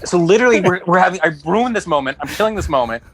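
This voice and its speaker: A man's voice: high-pitched, animated, quick pace, a crowd in the background, low-quality recording. A man who is a comedian, telling rambling stories in a casual podcast chat and acting out quotes. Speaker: comedian guest. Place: West Hollywood.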